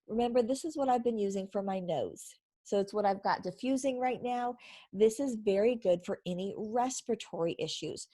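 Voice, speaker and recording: A woman with a voice at a middle pitch for a woman talks in a chatty, conversational way. She gives a casual lesson, often asks her listeners whether it makes sense, and speaks as a homeschooling mother. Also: warm tone, husky. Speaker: essential oils presenter. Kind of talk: casual teaching talk to camera.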